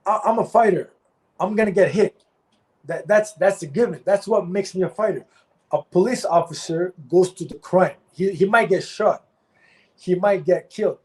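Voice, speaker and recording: Heated, profane former fighter. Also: male voice, high voice, moderate pace, rough recording. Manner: heated, profane, repeats himself. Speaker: former pro fighter, guest. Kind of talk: candid interview talk.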